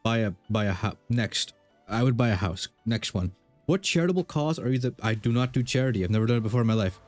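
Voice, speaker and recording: A man's voice: mid-range voice, lively intonation, very fast, darkish tone, soft background music. A young man streaming a game, casually rambling through questions with lots of fillers and self-deprecating asides. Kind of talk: casual chat while gaming.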